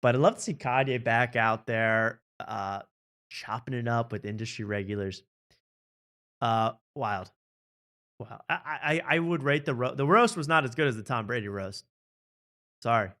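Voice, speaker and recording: A man's voice: medium pitch, normal speed, pushed and bright. A man hosting a live comedy stream from a home studio, rambling and sarcastic, laughing often. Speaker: host.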